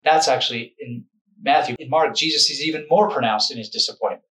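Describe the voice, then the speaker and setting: A man's voice: mid-range voice, a little fast, a bit bright, low-quality recording. A man who is a video lecturer and author, explaining in a loose, conversational way and often correcting himself mid-sentence.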